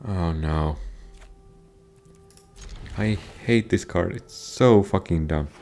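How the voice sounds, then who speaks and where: A man playing a card game online, grumbling and swearing at it, at times yelling in frustration. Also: low voice, takes it slowly, soft background music. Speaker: gamer streaming a card game. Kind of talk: angry gameplay commentary.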